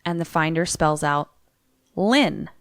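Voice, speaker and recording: A woman's voice: deep voice, moderate pace, dry recording. A woman co-hosting a podcast, casually retelling a movie plot in a chatty way, with lots of "like.". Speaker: podcast co-host.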